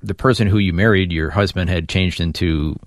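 A man hosting a faith interview, calmly summing up his guest's story in a sympathetic way. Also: low-pitched, a little fast, no echo, studio quality. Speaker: interview host.

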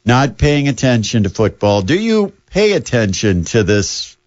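A man's voice: mid-range voice, sing-song, measured pace, dry recording. Older guy hosting sports talk radio, rambly and self-deprecating, kinda dull dry audio.

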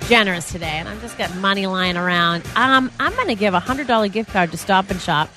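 A woman's voice: mid-range voice, a little fast, bright, forceful tone, soft background music, low-quality recording. A woman co-hosting a morning radio show, chatty and gossipy as she talks.

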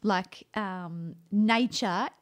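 A woman's voice: medium pitch, very slow. A woman co-hosting a casual book podcast, talking animatedly with frequent laughs and fillers. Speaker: podcast co-host. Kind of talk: casual chat about books.

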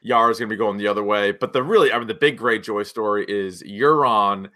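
A man co-hosting a casual chat recapping a TV episode, animated and jumping between points. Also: fairly low pitch. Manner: animated, jumps between points, quotes scenes in quick asides. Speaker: podcast co-host.

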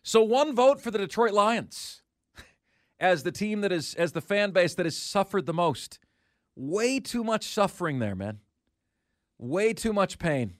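Energetic man hosting sports radio. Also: sits high, a little slow, no echo, clean studio sound. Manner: energetic, animated, laughs often. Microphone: studio microphone.

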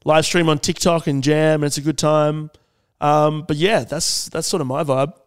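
A man's voice: on the high side, steady tone, normal speed, clear, resonant tone. An Australian man co-hosting a podcast in casual chat, laughing often and swearing freely as he riffs. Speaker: podcast co-host.

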